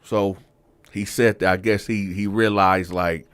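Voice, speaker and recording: His voice is clear and resonant, delivered at a measured pace on a dry recording. This show host and storyteller casually relates a prison tale to his audience, animatedly performing the quotes with his pitch rising.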